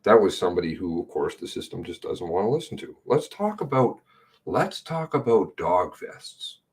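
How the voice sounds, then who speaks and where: Middle-aged male streamer, deep husky voice, blunt and sarcastic, swears freely. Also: animated, moderate pace. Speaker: livestream commentator. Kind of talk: casual running commentary.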